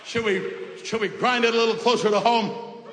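A man preaching an emphatic sermon, shouting at times and dropping to soft asides. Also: high-pitched, normal speed, a faint crowd, slight background noise. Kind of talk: fiery sermon. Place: large hall with congregation. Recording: echoey hall, faint ambience.

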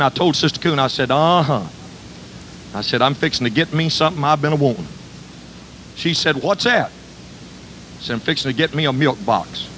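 An older man preaching, telling a homespun story in a folksy, animated way with country dialect. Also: a little high, slight background noise, poor audio. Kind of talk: storytelling sermon.

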